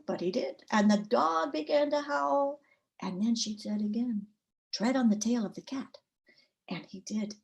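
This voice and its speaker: A woman storyteller at a story swap, telling a folk tale with an expressive, rhythmic cadence. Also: mid-range voice.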